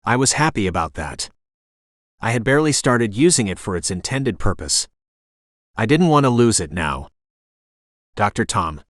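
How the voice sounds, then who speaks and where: Low-voiced man narrating an audiobook. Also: big pitch swings, normal speed, no echo, studio quality. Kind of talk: first-person audiobook narration.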